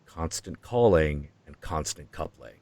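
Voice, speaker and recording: A man hosting a stream who tells a story in a profane, excitable way and acts out the quotes. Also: very deep voice, unhurried, creaky, very noisy. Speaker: host.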